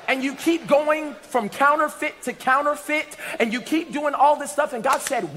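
A man with a high voice preaches a sermon in a church. He tells stories and builds to shouted, sing-song lines. His voice rings out with a long hall reverb. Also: animated, moderate pace, hardly any pauses, a faint crowd.

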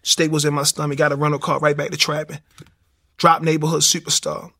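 Gravelly man telling his story. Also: fairly high pitch, fairly quick. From Baltimore, USA. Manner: animated street storytelling, acts out the voices. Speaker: speaker giving a testimony. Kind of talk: personal testimony storytelling.

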